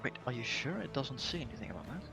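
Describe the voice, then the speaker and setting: A man's voice: mid-range voice, big pitch swings, quick pace, vocal fry, music in the background. A man playing a tabletop game, speaking casually and often asking about the rules. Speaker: player.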